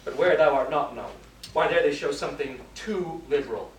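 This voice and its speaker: A man playing an earnest young gentleman. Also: a little high, moderate pace, natural voice. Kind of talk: amateur stage acting. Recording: roomy hall, far camera, noise.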